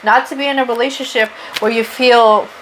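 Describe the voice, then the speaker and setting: Woman, Portuguese accent, spiritual card reading, rambling and chatty, somewhat high voice, faint hiss. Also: fairly even intonation, a little fast, fairly bright tone, rough recording. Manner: chatty, rambling, self-correcting. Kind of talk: casual tarot reading monologue.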